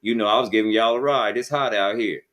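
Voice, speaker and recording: A man's voice: lowish voice, fast talker, fairly bright tone. Profane Texan man telling street stories. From Texas. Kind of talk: casual storytelling chat.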